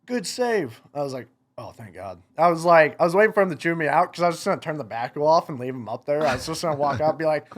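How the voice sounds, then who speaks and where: A young man, a podcast guest, telling stories in casual chat, animated, laughing and acting out what people said. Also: a little high, racing, hardly any pauses. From United States. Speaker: podcast guest, motocross racer. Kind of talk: casual storytelling.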